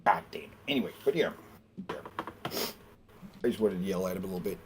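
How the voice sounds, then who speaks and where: A man talking as a guest on a casual podcast, ranting in an animated, profane way and slipping into mocking impressions. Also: low-pitched, fast, slight background noise. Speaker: guest streamer.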